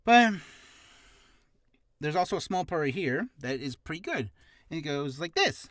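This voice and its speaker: Man, chatty vlogger, animated voice, dry close sound, self-mocking. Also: fairly high pitch, normal speed, no room sound. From Canada. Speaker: voice actor vlogger. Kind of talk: casual vlog about reading practice.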